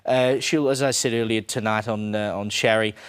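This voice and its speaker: A man with an Australian accent giving casual, sardonic political commentary on a panel, often pausing with fillers. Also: on the low side, fairly even intonation, smooth.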